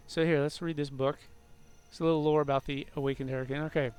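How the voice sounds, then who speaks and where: A man's voice: mid-range voice, fairly even intonation, quick pace, creaky, a little mellow, clean tone, soft background music. A man rambling through gameplay commentary, talking to himself, mocking his own mistakes and swearing at the game. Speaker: game streamer.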